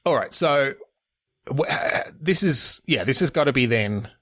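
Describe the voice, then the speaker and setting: A man's voice: medium pitch, expressive, unhurried, a bit bright, no room sound, clean studio sound. A man co-hosting a podcast, brainstorming game ideas in casual chat, laughing often, swearing and restarting his sentences. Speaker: podcast co-host.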